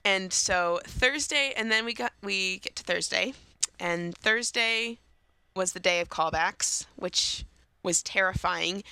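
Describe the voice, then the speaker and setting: A young woman co-hosting a casual chat show, talkative and quick to laugh, often restarting her sentences. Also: medium pitch, creaky, bright, forceful tone, clean tone, no room sound. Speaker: co-host.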